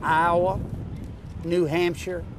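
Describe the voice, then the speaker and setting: High-pitched older Louisiana man campaigning. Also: little pitch movement, takes it slowly, heavy background noise. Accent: Louisiana Southern US. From North Louisiana, USA. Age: 60s. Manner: emphatic, repetitive rhetorical lists. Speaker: political candidate.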